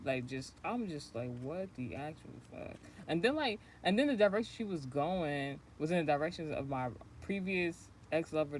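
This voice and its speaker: A woman's voice: sits low, a little mellow, a little hiss or hum. Rambling, profane woman telling a story. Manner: rambling, profane, laughs often. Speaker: spiritual channel host. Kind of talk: casual livestream storytelling.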